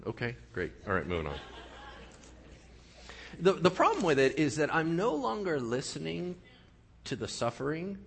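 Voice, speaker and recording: A man preaching a sermon, animated and sarcastic, often acting out the voices of the people he quotes. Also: high-pitched, moderate pace, breathy edge. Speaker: pastor.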